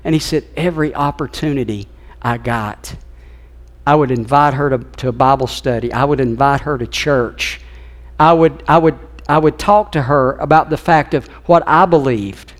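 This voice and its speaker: A man's voice: mid-range voice, moderate pace. A man in his fifties preaching a sermon in a church, telling a personal story in an earnest, emotional way. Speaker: pastor. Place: church sanctuary.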